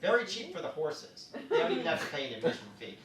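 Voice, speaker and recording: A man performing a stand-up comedy set on a club stage, with quick asides as he moves between jokes. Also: on the high side, a crowd in the background. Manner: lively, joke-driven, quick asides. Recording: echoey club from far off.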